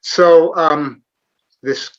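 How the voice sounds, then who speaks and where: A middle-aged man hosts a casual livestream Q&A, his slightly high voice fairly even in intonation, with drawn-out words and dull audio. He talks earnestly but drops sarcastic asides and frequent fillers.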